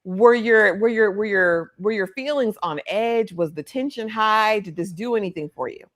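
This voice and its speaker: A woman's voice: mid-range voice, moderate pace, fairly bright tone. A woman hosting a casual TV recap chat, playful and slangy, quoting the characters as she retells scenes. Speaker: podcast host.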